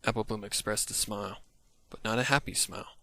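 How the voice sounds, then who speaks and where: A man reading dark fan fiction aloud, narrating in a low, measured way that often drops into whispers. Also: steady tone, gravelly, no echo. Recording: noisy home recording.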